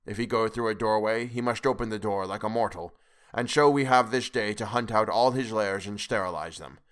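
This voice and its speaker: A man voicing an elderly foreign professor in an audiobook, speaking in a measured, deliberate, lecturing way. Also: fairly low pitch, fairly bright tone, smooth, lightly acted. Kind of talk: audiobook character reading.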